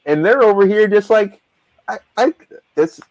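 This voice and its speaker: A man's voice: high voice, expressive, moderate pace, no echo, low-quality recording. A man co-hosting a casual talk show, rambling animatedly with lots of fillers and restarts. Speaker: manga reader and show co-host. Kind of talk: casual discussion.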